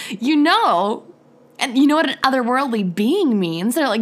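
High-voiced, foul-mouthed woman podcaster. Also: expressive, normal speed, fairly bright tone. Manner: blunt, swears constantly, heated. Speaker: podcast host. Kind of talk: profane solo podcast rant.

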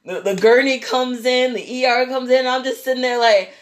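A woman telling a personal story in an animated, rambling way, acting out the people in it and repeating herself. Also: high voice, moderate pace. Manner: animated, acts out the voices of people in her story; rambling, repeats and restarts phrases.

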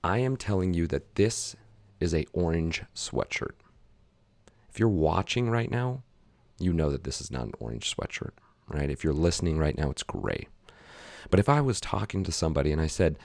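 A man hosting a podcast, explaining an idea in an energetic, conversational way and acting out short dialogues as examples. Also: sits low, normal speed, dry recording, clean studio sound. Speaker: podcast host. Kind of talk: casual teaching monologue.

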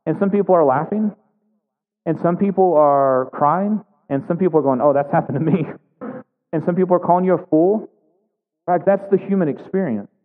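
A man's voice: a little high, moderate pace. A man preaching a sermon as a pastor, telling a story casually and conversationally with humor. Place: church sanctuary. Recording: phone-like sound in a large reverberant hall.

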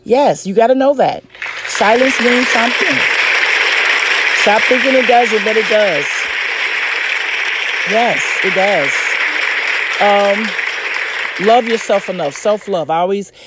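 Speaking slowly with long pauses, this woman gives a casual advice monologue on relationships, blunt and full of cursing and laughter. Her voice is mid-range, and as a relationship advice host she addresses listeners as ladies and gentlemen over a loud crowd and heavy background noise.

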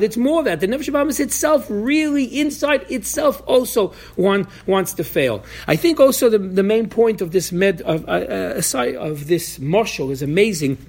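Animated man teaching a Torah class. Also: sits high. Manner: animated, acts out voices of people in the story, frequent restarts.

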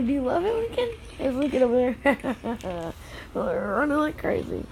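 A woman filming her children playing outside in the snow, narrating casually and calling out gentle, firm warnings to the kids. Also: high voice, very animated, moderate pace, a little hiss or hum, rough recording. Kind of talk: casual family vlog. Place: outdoors in the snow.

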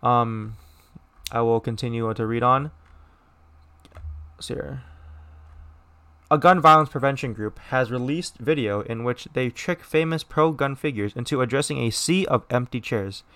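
A man's voice: medium pitch, moderate pace, fairly bright tone, clear, resonant tone. A young American man hosting a casual solo podcast, reading a news story aloud and ranting bluntly with plenty of swearing and restarts. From United States. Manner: blunt and profane, with many restarts and mocking voices. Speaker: podcast host.

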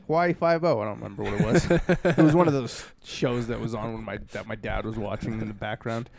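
A man co-hosting a comedy podcast, talking in animated, swearing banter. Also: lowish voice, fast talker, creaky. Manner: animated, swearing, laughing through lines. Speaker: podcast co-host.

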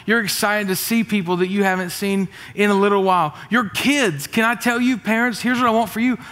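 High-voiced, energetic pastor in a hall. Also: male voice, a little fast. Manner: energetic, joking, rising to shouts. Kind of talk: sermon. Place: church auditorium. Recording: reverberant church hall.

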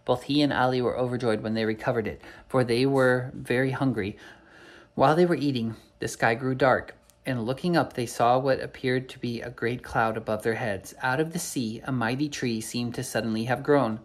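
A man's voice: mid-range voice, steady tone, normal speed. A man reading an old storybook aloud, unpolished, with occasional slips and self-corrections.

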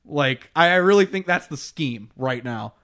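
A man's voice: fairly high pitch, animated, normal speed, fairly bright tone. A young man co-hosting a podcast, chatting casually in a rambling way, with lots of "like", swearing and laughter. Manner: rambling, heavy use of "like", swears and laughs often. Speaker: podcast co-host. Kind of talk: casual chat.

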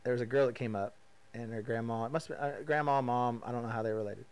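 A man, hosting a podcast and telling a lively story about his own life, acting out the other voices. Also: medium pitch, fast, clean tone. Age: 30s. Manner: animated, acts out quoted voices, laughs at himself. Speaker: podcast host, rodeo roper. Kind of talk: casual storytelling monologue.

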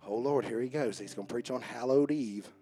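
A male pastor preaching a sermon, telling stories and repeating phrases for emphasis, moving from quiet asides to fervent shouting. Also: mid-range voice, a little fast, faint music behind.

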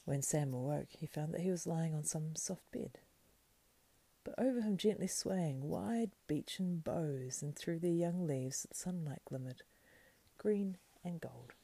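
A woman reading a fantasy novel aloud in a soft, slow, partly whispered and breathy manner. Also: low-pitched, expressive. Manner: slow, hushed, breathy, unhurried. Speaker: reader.

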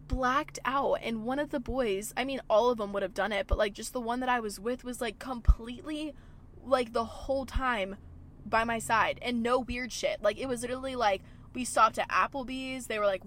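A woman's voice: a little high, moderate pace, fairly bright tone, slight background noise. A young woman hosting a podcast from a parked car, talking casually with lots of "like" and frequent swearing. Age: young adult. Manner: chatty, swears a lot, says "like" often. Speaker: podcast host. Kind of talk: casual chat. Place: car in a gas station parking lot.

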